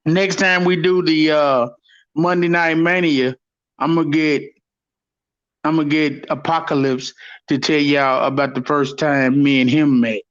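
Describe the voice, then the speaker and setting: A man's voice: a little high, measured pace, dull audio. Laughing profane man telling stories. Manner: profane, laughing, animated storyteller. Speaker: host. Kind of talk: casual storytelling chat.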